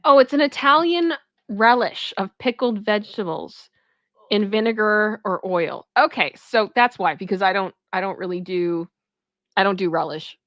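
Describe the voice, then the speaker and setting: A woman's voice: medium pitch, expressive, normal speed, fairly bright tone, no room sound, muffled recording. A woman with a Toronto Canadian accent, chatting casually with her livestream chat, rambling with restarts and little asides. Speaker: livestream host.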